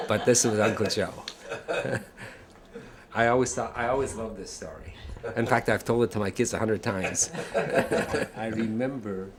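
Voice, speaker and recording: An older man reminiscing about family, telling stories in a halting way with chuckles. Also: lowish voice, a crowd in the background. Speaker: family storyteller. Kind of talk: casual reminiscing.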